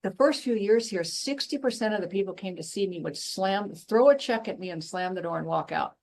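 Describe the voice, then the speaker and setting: A woman guest, once a professor, speaking in a blunt, emphatic and animated way in a passionate interview conversation. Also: medium pitch, a little fast, gravelly. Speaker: guest, former professor and intuitive.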